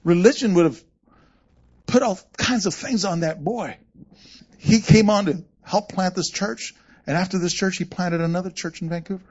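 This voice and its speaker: A man's voice: sits high, normal speed, darkish tone, husky. A man preaching a sermon as a pastor, telling stories and acting out quoted voices with animation. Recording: muffled lo-fi sound.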